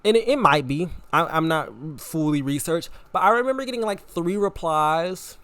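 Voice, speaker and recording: Animated young man with a lively high voice. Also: moderate pace, clean tone, no room sound. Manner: animated, repetitive, laughing often. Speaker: podcast host. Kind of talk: casual opinion monologue.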